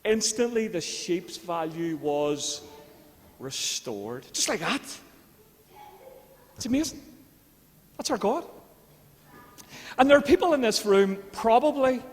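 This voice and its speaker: A man with a Northern Irish accent preaching a sermon in a church, talking in a conversational way that rises to fervent appeals. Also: high voice. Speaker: pastor. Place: church hall. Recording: long church reverb.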